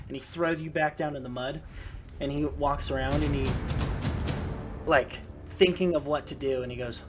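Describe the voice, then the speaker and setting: A man's voice: a little high, steady tone, normal speed, soft background music. Laid-back male game master. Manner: laid-back, filler-heavy narration with frequent laughs. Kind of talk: casual narrating of a tabletop game.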